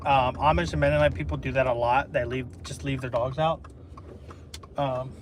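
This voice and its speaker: A man's voice: mid-range voice, fairly even intonation, normal speed. Chatty man vlogging from his car. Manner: rambling, chatty, thinks aloud with fillers. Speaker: delivery driver vlogger. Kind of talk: casual talk to camera while driving. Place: in a car on rural roads. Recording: car recording with road noise.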